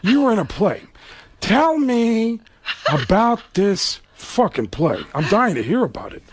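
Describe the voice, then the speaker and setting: A sardonic, miserable movie tough, done by a man drawls low and menacing, then erupts upward without warning. His pitch swings widely between growls and outbursts. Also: big pitch swings, a little slow, noisy background. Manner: menacing drawl, sudden bursts. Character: brooding gravelly veteran actor, sardonic and miserable.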